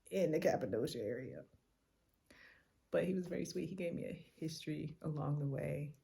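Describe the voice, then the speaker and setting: Low, gravelly-voiced woman vlogging. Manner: chatty, animated retelling with quoted exchanges. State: tired and a little loopy late at night. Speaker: travel vlogger. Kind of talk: casual travel vlog storytelling. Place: hotel room at night.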